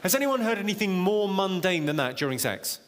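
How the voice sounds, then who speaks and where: A man doing live stand-up comedy in a large auditorium, deadpan and teasing the crowd. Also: sits high, a little fast. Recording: echoey live hall, loud audience laughter. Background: audience laughter.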